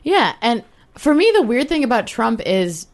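A woman co-hosting a podcast in casual chat, animated and sarcastic. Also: on the high side, normal speed. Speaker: podcast co-host.

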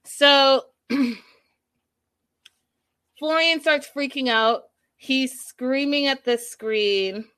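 A woman's voice: high-pitched, drawn-out words, long pauses, clean tone. Gossipy woman recapping reality TV. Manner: gossipy, animated, acts out quotes. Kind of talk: casual recap commentary.

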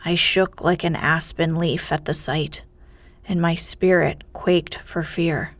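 Softly whispering woman storyteller. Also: lowish voice, steady tone, dry recording. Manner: soft, unhurried fairy-tale reading, often whispered.

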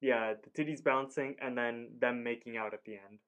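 A man co-hosts a casual podcast and talks through a cartoon episode in a loose, rambling way. He keeps saying "like" and acts out bits of dialogue as he goes, and his voice sits at an everyday middle pitch. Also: steady tone, normal speed, fairly bright tone, smooth, highs cut off. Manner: rambling, lots of "like", acts out lines. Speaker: podcast co-host. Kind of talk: casual cartoon recap chat.

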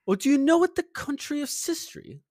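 A man's voice: very high-pitched, expressive, moderate pace, a little mellow, no echo, studio quality. A man reading the message of a farmer from 1521 aloud in a put-on mock German accent, stumbling over the archaic wording. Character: English farmer man from 1521, old-fashioned, chatty.

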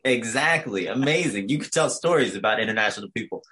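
A man's voice: fairly low pitch, expressive, fast, bright, forceful tone, a little hiss or hum. Joking man telling a story. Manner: joking, self-deprecating storyteller. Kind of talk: casual chat.

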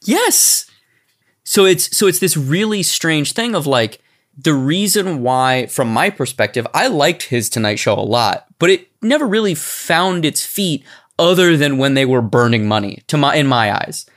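A man co-hosting a podcast, talking in a casual, animated and rambling way with lots of restarts. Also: on the high side, moderate pace. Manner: animated, rambling with restarts, slips into mock voices. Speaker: podcast co-host. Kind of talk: casual chat.

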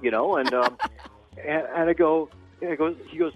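A man's voice: fairly high pitch, moderate pace, soft background music. A man calling in to a radio show, rambling through a funny story with lots of filler words. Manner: rambling, lots of "you know". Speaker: caller. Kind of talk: telling a funny anecdote. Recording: dull lo-fi line.

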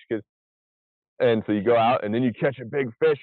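A man's voice: mid-range voice, brisk, dry recording. A man talking in a casual podcast chat as a guest, rambling with many restarts as he retells events. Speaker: podcast guest, survival show contestant. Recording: tinny phone-like sound.

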